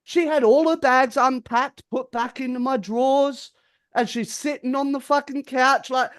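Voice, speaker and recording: A man's voice: extremely high pitch, normal speed, fairly bright tone, smooth. A man, a podcast co-host telling a story in casual chat, acting out the quotes and swearing freely.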